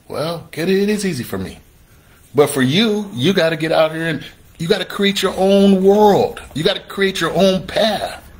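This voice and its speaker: A man teaching real estate investing on a livestream, energetic and repetitive in a call-and-response way, sometimes acting out his viewers' questions. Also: high voice, moderate pace.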